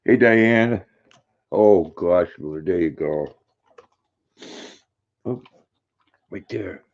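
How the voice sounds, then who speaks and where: An older man chatting casually on a live stream, greeting viewers by name and cooing softly to his dog. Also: deep voice, extremely slow, creaky, highs cut off.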